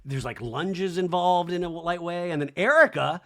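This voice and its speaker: A man hosting a podcast, recapping reality TV in a chatty, animated, profane way. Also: sits high, normal speed. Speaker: podcast host.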